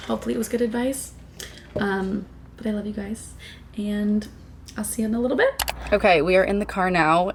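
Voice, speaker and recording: Young woman, vlogger, casual chat, gushy, lots of "like", vocal fry, faint background hiss. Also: medium pitch, fairly quick. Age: young adult. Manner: gushing, chatty, says "like" constantly. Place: home, then in a car.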